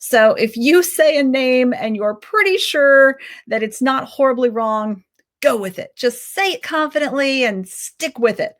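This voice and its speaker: A young woman tutoring public speaking, talking straight to the listener and swinging her pitch up and down to show inflection. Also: animated, measured pace, a bit bright. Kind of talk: instructional talk to camera.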